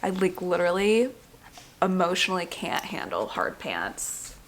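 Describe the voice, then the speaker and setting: A woman's voice: fairly low pitch, sing-song, a little slow, slight background noise. A young woman vlogging at home, chatting casually to the camera with lots of "like" and asides to her dog. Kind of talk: casual vlog chat to camera. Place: at home indoors.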